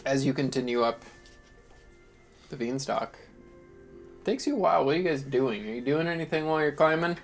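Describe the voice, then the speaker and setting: A gravelly voice runs the tabletop game as game master, narrating in a loose, halting way. Faint music plays under the voice. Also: medium pitch.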